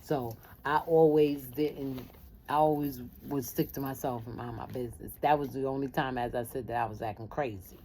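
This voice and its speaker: Low-voiced woman telling a story. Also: moderate pace, a little hiss or hum. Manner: lively, acts out family members' voices. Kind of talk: casual personal storytelling.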